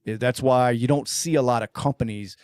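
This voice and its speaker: A man co-hosting a casual podcast chat, rambling and swearing, his voice often trailing off quietly at the ends of phrases. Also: mid-range voice, a little fast, clean tone, dry recording. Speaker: podcast co-host.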